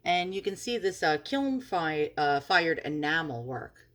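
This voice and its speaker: A woman's voice: low-pitched, big pitch swings, unhurried, a bit bright. A woman hosting an antiques channel, talking casually and frankly as she browses listings on her computer, swearing mildly and stumbling over French words. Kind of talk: casual screen-recorded research commentary.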